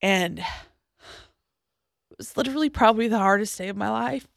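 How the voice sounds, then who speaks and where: A young woman telling a personal story as a podcast guest, halting, with restarts and pauses, going quiet at the hardest parts. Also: mid-range voice, vocal fry, no room sound, clean studio sound. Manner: halting, with frequent restarts and trailing-off lines, dropping quiet at hard moments.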